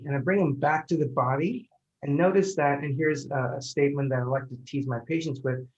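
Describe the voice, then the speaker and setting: A pain psychologist explaining his approach in conversation, hesitant and full of fillers and restarts. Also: a little high. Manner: halting, many fillers and restarts. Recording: dull lo-fi audio.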